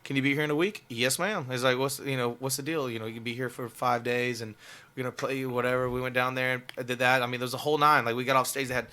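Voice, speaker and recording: A young man, a guest musician, telling a rambling, excitable story in a casual podcast interview, full of filler words. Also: mid-range voice, fast talker.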